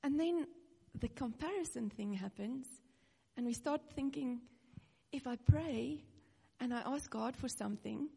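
A woman in her thirties gives a heartfelt sermon, breaking into nervous laughs as she holds back tears. Her voice sits a little high, husky and dark in tone. A long hall reverb trails each phrase. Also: measured pace. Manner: earnest and personal, with nervous laughs. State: close to tears. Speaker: preacher.

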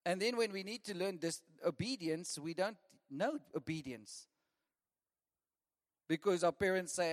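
Male pastor, high voice, lively sermon delivery with frequent laughs, recorded in a reverberant church hall. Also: unhurried. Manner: lively preaching, laughing often, repeating lists.

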